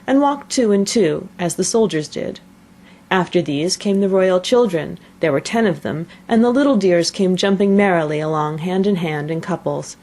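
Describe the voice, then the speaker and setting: A woman narrating a classic children's story aloud in an expressive, measured reading. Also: lowish voice. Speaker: audiobook narrator.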